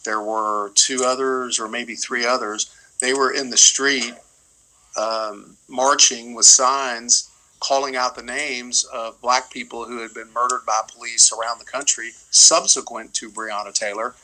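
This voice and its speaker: A man's voice: mid-range voice, fairly even intonation, unhurried, sharp tone, rough recording. A middle-aged male attorney speaking emphatically in a livestream interview, often repeating words as he builds his points. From United States.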